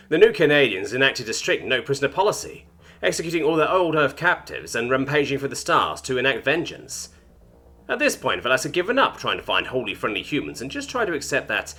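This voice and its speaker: Expressive male storyteller with a husky voice. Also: medium pitch. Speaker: story narrator. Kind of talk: scripted narration.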